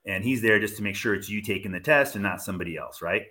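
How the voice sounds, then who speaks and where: A man guest telling a story in casual chat, animated and laughing as he goes. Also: on the low side, fast talker. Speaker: podcast guest, medical team member for motocross.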